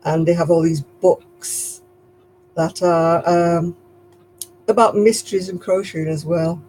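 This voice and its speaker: Lancashire lady rambling on her crochet stream, chatty, laughs at herself, low faint hum in the back. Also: fairly even intonation, takes it slowly, warm tone, poor audio. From Lancashire, England. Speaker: live stream host. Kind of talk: casual live-stream chat while crocheting.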